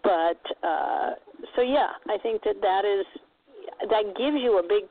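A woman's voice: mid-range voice, a little slow. A woman co-hosting a radio show, chatting casually and rambling with restarts. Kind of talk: casual chat. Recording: tinny phone-like radio sound.

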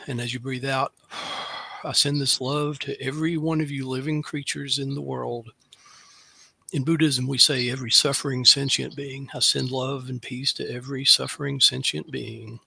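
Husky bright-toned guy, slow calm breathing instructions, dry mic. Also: medium pitch, dry recording. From Tennessee. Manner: calm, instructive, with audible sighs. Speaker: free spell segment guest.

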